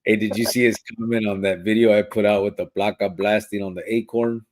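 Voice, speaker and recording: A man, relaxed and unhurried. He chats casually on a live podcast, drops Spanish slang and swears freely. His tone stays easygoing and a little teasing. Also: on the low side. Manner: laid-back, reads viewer comments aloud, swears, mixes in Spanish slang. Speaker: podcast co-host. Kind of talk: casual live-stream chat.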